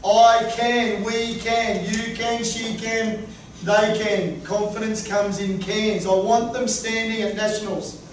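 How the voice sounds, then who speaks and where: A man's voice: sits high, level tone, takes it slowly. A man presenting a sports coaching workshop to a live group, joking and punchy. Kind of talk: workshop talk. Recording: echoey room, far from mic, noisy.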